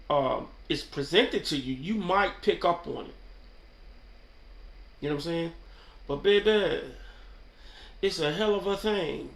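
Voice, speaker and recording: High, bright-voiced New man rambling. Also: echoey room. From New York. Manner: slangy, rambling, keeps asking "you know what I'm saying". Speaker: channel host. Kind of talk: casual off-the-cuff commentary.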